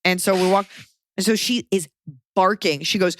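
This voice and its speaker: A woman's voice: fairly low pitch, normal speed, dry recording, studio quality. A young adult woman hosting a podcast, telling a story in casual chat and acting out the people she quotes. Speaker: podcast host.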